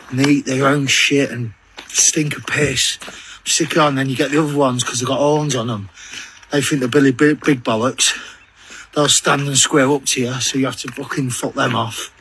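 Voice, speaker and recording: A man's voice: mid-range voice, background noise. Weary, sweary man outdoors. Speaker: long-distance walker recording a video diary. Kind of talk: grumbling video diary. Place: outdoors on a walking trail.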